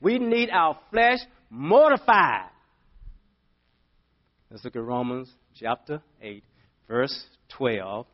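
A middle-aged male pastor preaching a sermon, telling a story with big swings from loud to hushed. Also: mid-range voice, lively intonation, slow pace, pauses often, dull audio.

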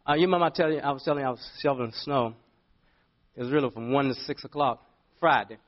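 A middle-aged male pastor preaching a sermon, telling a story with big swings from loud to hushed. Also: medium pitch, steady tone, fast talker, muffled recording.

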